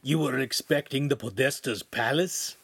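A man reading an audiobook, voicing a rough male servant who speaks broken English with a slow, mocking drawl. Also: mid-range voice, a bit bright, no room sound.

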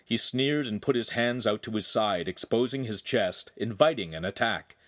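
An audiobook narrator reads a young adult novel aloud, vividly telling an action scene as scripted narration. His voice is fairly low and fairly bright at normal speed, recorded with clean studio sound and no echo.

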